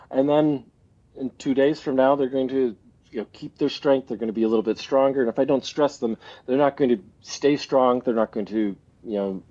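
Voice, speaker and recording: A man's voice: mid-range voice, warm tone. A Canadian man in his forties, a guest speaking reflectively in a casual interview, often laughing and restarting his thoughts. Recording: slightly dull lo-fi audio.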